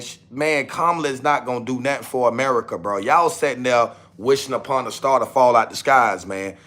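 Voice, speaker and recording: A man's voice: medium pitch, fairly bright tone. A man hosting a livestream, talking straight to his viewers in slang and often asking "you know what I'm saying". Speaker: livestream host. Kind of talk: casual livestream commentary.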